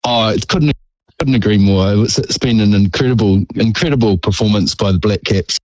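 A man's voice: fairly low pitch, brisk, a little mellow, no room sound, poor audio. A middle-aged man with a New Zealand accent, a former cricketer being interviewed, talking with many ums and restarts. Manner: hesitant, lots of ums and restarts.

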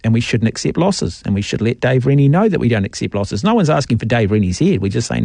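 A man's voice: mid-range voice, sing-song, fast, vocal fry, few pauses, dark tone, no room sound. A male sports talkback radio host, teasing listeners and giving strong opinions in a jokey way. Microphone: studio mic.

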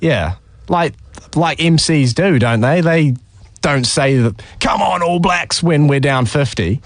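A man's voice: mid-range voice, takes it slowly, no room sound, studio quality. A male radio co-host chatting casually about sports, opinionated and full of ideas.

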